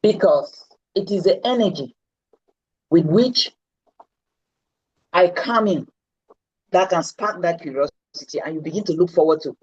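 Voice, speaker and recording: A woman's voice: fairly low pitch, unhurried, long pauses, darkish tone, husky, dull audio. A woman coaching public speaking in a live online lesson, stressing and repeating her key words. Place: indoors, seated.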